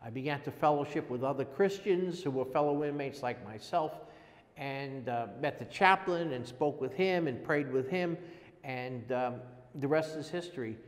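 An older man giving a personal testimony, talking in a halting, rambling way with many restarts. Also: mid-range voice, in a large hall. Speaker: prisoner telling his story.

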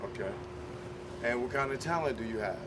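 A man's voice: mid-range voice, lively intonation, a little fast, a bit bright. Man interviewing on a noisy street. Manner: direct, questioning, casual slang. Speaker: interviewer and host. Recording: street noise with passing vehicles.

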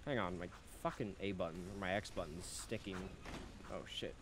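A man's voice: low-pitched, normal speed, noisy background. A young man commentating his gameplay, frustrated and swearing constantly as he rants at the game. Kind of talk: let's play commentary. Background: game music.

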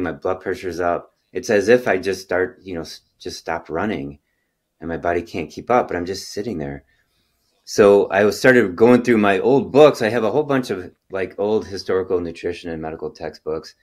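A middle-aged man with a low, deep voice holds forth in an interview. He explains at length and slips into animated stories that lift with excitement, then drops to quiet asides. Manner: animated storyteller, lively when excited, trailing off into quiet asides. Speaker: chiropractor and health podcast host.

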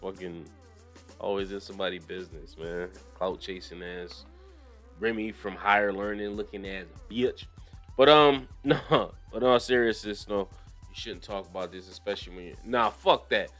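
A young man with a fairly low voice talks through the news in loose, profane commentary. He breaks into laughter often and riffs animatedly between the lines he reads. Faint music plays behind him. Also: steady tone, moderate pace, fairly bright tone. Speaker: commentary channel host. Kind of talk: casual commentary, reading news aloud.

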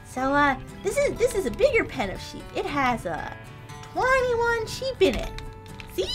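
Bubbly woman host for a kids' game video, very high voice that swoops up and down. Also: huge pitch swings, a little slow, over music. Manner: bubbly, exaggerated, sing-song. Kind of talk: kids' game let's-play.

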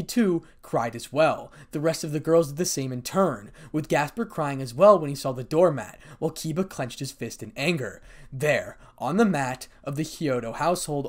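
Expressive male fan-fiction reader. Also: mid-range voice. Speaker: narrator, story reader.

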